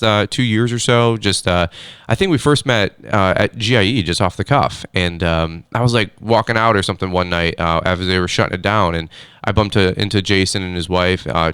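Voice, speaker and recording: A man's voice: fairly low pitch, fairly quick, fairly bright tone, clear, resonant tone, no echo, clean studio sound. A man hosting a podcast, chatting casually and upbeat with a guest, with lots of fillers and restarts. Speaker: podcast host. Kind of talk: casual interview chat. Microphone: on a phone call.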